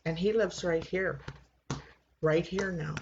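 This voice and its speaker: A woman in her sixties giving an earnest personal faith testimony, halting and repeating words as she tells it. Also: fairly low pitch, fairly even intonation, highs cut off, slight background noise. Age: 60s. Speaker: church member giving testimony.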